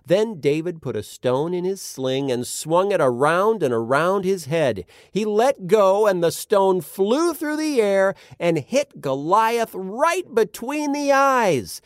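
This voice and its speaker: A man narrating a children's Bible story with dramatic pauses and questions to the listener. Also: high voice, big pitch swings, no room sound, studio quality.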